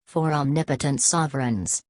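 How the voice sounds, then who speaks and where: A brash, mocking young medical student , read by a woman in a low voice, teasing and boisterous in an audiobook reading. The sound is close and dry. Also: normal speed, darkish tone, dry recording, close to an everyday voice. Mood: jovial.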